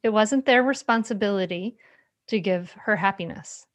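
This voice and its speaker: A woman hosting a podcast interview, animated and speaking straight to her listeners. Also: mid-range voice, normal speed. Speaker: podcast host. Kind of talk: conversational interview.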